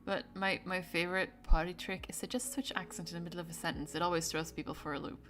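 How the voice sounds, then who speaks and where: Giggly low-voiced woman streamer. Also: fairly even intonation, fairly bright tone, faint music behind. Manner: chatty, laughs often, quick asides. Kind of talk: casual chat with viewers.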